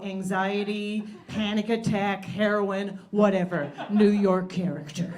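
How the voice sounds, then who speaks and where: A woman telling a stand-up story with wry, deadpan asides. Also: mid-range voice. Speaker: stand-up comedian. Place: comedy stage before a live audience. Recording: live crowd laughter behind.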